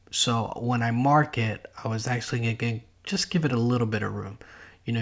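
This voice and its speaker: A middle-aged man hosting a DIY car channel, calmly narrating a project step by step in a plain, matter-of-fact way. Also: mid-range voice.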